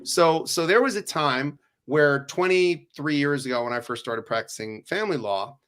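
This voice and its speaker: A middle-aged man, a divorce lawyer, talking in a casual podcast conversation, animated and sarcastic, swearing freely and acting out bits of dialogue. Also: fairly high pitch, moderate pace, smooth.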